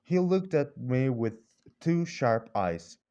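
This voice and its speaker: Man reading an old novel aloud, mellow dark voice, kinda dull lo-fi sound. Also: medium pitch, very animated, slow pace, smooth. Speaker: audiobook narrator. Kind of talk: scripted narration.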